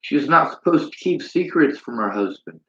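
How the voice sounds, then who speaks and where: A man's voice: fairly high pitch, animated, moderate pace, fairly bright tone. Man, livestream host, bitter preachy rant, reads chat, roomy echo, muffled lo-fi audio. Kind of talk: livestream monologue reading chat comments. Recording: roomy, dull lo-fi sound.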